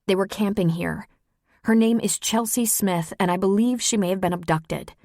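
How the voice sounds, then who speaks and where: A woman's voice: medium pitch, normal speed, mellow, no room sound, clean studio sound, natural voice. A woman reading an audiobook, voicing a frightened young woman who runs a camp store, urgent and pleading.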